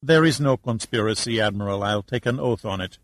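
A man voicing a calm, smooth-talking government official in an audiobook. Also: on the low side, a little fast, no echo, close to an everyday voice. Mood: evasive.

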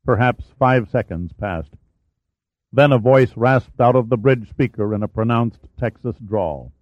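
A man narrating a story in a measured, even way. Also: mid-range voice, no echo. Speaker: audiobook narrator. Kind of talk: scripted narration. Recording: dry, slightly dull recording.

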